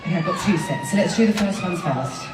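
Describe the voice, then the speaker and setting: A woman chatting playfully with a concert audience from the stage, excitable and laughing often. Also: fairly low pitch, fast talker. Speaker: singer talking to a concert audience. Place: large concert hall with balconies. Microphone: stage microphone. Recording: roomy live hall sound, crowd noise, from a distance. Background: cheering crowd.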